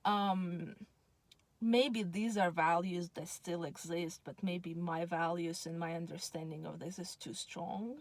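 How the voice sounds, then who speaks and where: A woman's voice: lowish voice, steady tone, measured pace, dry recording. A woman, telling a personal story in a chatty, meandering way full of ums. She sounds tired. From Russia. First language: Russian. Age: 30s. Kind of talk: casual storytelling monologue.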